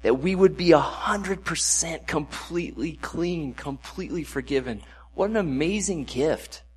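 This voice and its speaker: A man's voice: fairly high pitch, unhurried, husky. A man giving a casual sermon, reading a Bible passage and then adding conversational asides. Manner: conversational, reads scripture then adds off-hand asides. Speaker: preacher.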